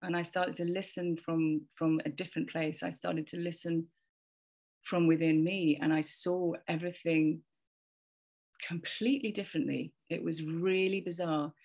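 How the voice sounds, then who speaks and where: A woman in her forties with a low, gravelly voice tells a personal story in casual conversation. She rambles and doubles back, repeating words and slipping into quoted dialogue as she goes. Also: little pitch movement, moderate pace, a little mellow. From England. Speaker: podcast guest sharing a parenting story.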